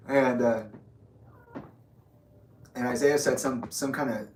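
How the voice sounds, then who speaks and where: A man telling a story in casual talk, animated and profane, acting out what others said, recorded in an echoey room with the mic far off. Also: medium pitch, moderate pace, pauses often, a little hiss or hum. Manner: profane, animated, acts out quoted speech. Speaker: guest storyteller.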